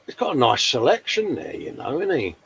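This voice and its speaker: A man's voice: mid-range voice, wildly swooping pitch, brisk, gravelly, a bit bright, a little hiss or hum, low-quality recording. A man hosting a casual live-stream chat, matey and full of tag questions. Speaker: host.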